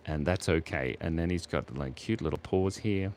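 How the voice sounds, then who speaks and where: A man's voice: deep voice, normal speed, a little mellow, a little hiss or hum. A man with an Australian accent, casually chatting and joking with his chat while he draws. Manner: playful, jokey, reads chat aloud and laughs often. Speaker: streamer drawing live for chat. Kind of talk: casual live drawing stream.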